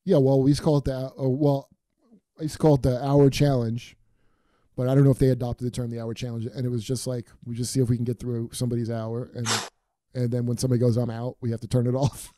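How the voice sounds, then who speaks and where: A man hosting a casual comedy podcast, his voice deep-toned and very dark and mellow. He rambles and makes blunt asides in loose banter. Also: level tone, fast talker. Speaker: podcast host.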